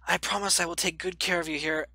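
A man voicing a gentle, motherly female goat monster in a game voice-over, talking softly and formally with a sorrowful tone. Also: high-pitched, steady tone, quick pace, gravelly, no echo, pitched below the performer's own voice, heavily acted. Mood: pleading. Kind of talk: game voice-over role-play.

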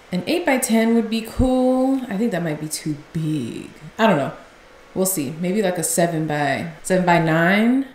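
Excitable young woman vlogging from home. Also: medium pitch. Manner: excitable, gushing, drops to a whisper at times. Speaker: vlogger and mom. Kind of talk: casual vlog chat. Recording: loud background noise.

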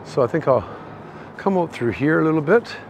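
A man's voice: on the high side, expressive, moderate pace, highs cut off, heavy background noise. A man from Canada with a Canadian accent, a bit tipsy, rambling to viewers as he hosts a live-streamed walking tour outdoors. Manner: rambling, chatty, talks to chat viewers while walking. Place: outdoor city shopping street.

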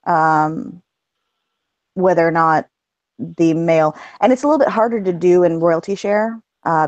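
A woman audiobook narrator with a low register, chatting as an interview guest and laughing often. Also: a little mellow, dry recording. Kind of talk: casual interview chat.

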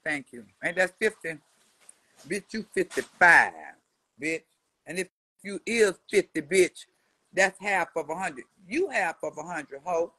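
A woman's voice: lowish voice, lively intonation, a little slow, slightly rough, no room sound, poor audio. Brash trash-talking woman in her seventies. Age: 70s. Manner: brash, mocking, swings from mutters to loud jabs. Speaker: social media personality answering a rival. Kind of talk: profane trash-talking response rant.

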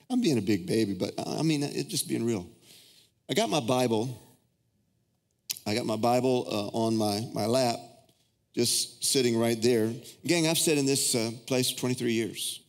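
A middle-aged pastor with a drawl preaching to his congregation, his voice carrying through the long reverb of a big church hall. He sits at a middle pitch in plain narration, then jumps much higher when he acts out his pleading prayers, telling personal stories in a loose, unscripted way. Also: unhurried, long pauses. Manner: storytelling, swings into high excited acted-out prayers. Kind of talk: sermon. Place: large church auditorium.

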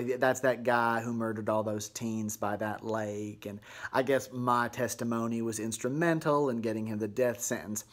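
A man performs a middle-aged mom who hosts her own cheerful vlog. Her voice is chirpy and folksy at an ordinary middle pitch. She delivers strange, dark asides in the same sweet deadpan tone as her everyday chat. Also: close to an everyday voice. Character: sugary Southern mom vlogger woman, middle-aged, eerie. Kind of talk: comedic vlog monologue to camera.

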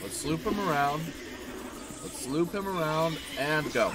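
A gaming channel host with an expressive, slightly high voice leads a horror game let's play at a measured pace, wisecracking at the enemy and yelping when he takes a hit. Background noise is audible.

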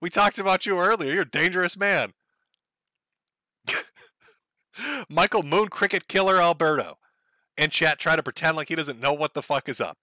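A man's voice: fairly high pitch, moderate pace, pauses often, sharp tone, no room sound. A man hosting a casual livestream, reading chat aloud and joking crudely, often breaking into laughter.

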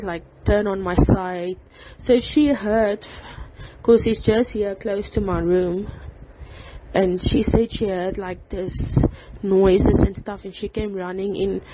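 A woman giving a personal faith testimony, in a halting way with many "like"s and "um"s. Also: mid-range voice, slight background noise. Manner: halting, with frequent "like" and "um". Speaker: testimony speaker. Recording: dull lo-fi recording.

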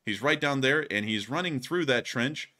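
A young man hosting a casual war news commentary, animated and jokey. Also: medium pitch, moderate pace. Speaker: host.

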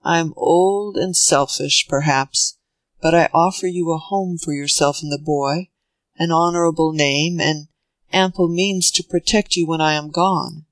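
An old gentleman speaks with grave, earnest kindness, as a reader voices him. The voice sits at a plain middle pitch with a dry, close sound and no room around it. He sounds steady and sincere. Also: measured pace, no echo, lightly acted, rough recording. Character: old gentle Southern man, grave and kind.

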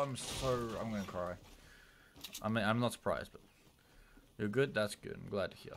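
A young man commentating his own live gameplay, jumping between loud yelps and low muttering. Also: moderate pace, pauses often. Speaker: livestreamer. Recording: noisy home stream mic with key clicks.

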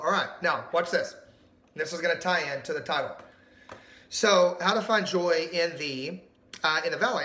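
Male pastor, middle-aged, high bright voice, emphatic sermon delivery, echoey room. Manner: animated, emphatic, asks the audience questions.

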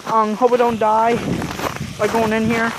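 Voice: medium pitch, completely flat delivery, a little slow, noisy background. A vlogger nervously narrating a casual exploration inside a wet, icy tunnel, hesitant and full of fillers. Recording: loud music over the voice.

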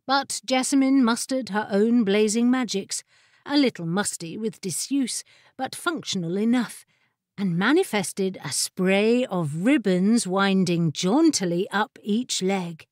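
Slow, measured woman narrating. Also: mid-range voice, a little mellow, dry recording, clean studio sound. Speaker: audiobook narrator. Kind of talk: scripted storytelling narration.

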